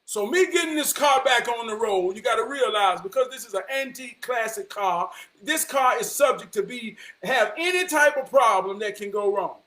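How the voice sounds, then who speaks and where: A man, telling a personal story in an animated, vernacular way. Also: very high voice, moderate pace, few pauses. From Charlotte, North Carolina. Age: 40s. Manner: animated, vernacular, quotes people in dialogue.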